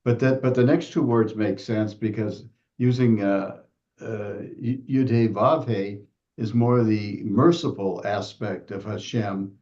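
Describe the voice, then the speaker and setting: A man's voice: fairly low pitch, steady tone, unhurried, darkish tone. A man taking part in an online class discussion, explaining a point after brief affirmations. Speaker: class participant. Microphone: video call. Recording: muffled video call audio.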